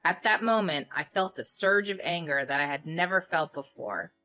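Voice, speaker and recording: A woman narrating a story in the first person with steady recounting. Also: fairly low pitch, normal speed, soft background music.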